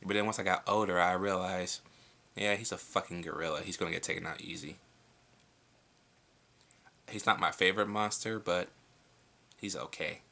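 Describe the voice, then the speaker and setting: A young man with a deep, gravelly voice answers viewer questions in a relaxed home vlog. His tone is bright and edgy, and his manner is blunt and casual, with frequent swearing. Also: moderate pace, long pauses. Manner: laid-back, blunt, swears freely. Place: indoors at home at night.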